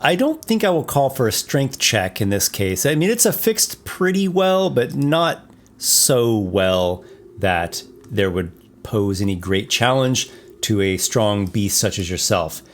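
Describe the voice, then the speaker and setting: A man acting as game master, describing a dungeon room in a relaxed, descriptive way with frequent small restarts. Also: lowish voice, measured pace. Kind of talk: narrating a tabletop game.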